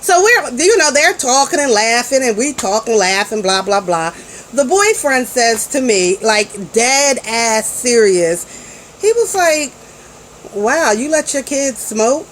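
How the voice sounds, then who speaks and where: A woman's voice: on the high side, big pitch swings, unhurried, a bit bright, a little hiss or hum, rough recording. A woman in her forties, a parent vlogger casually telling a story to camera in a chatty, slangy way with frequent restarts.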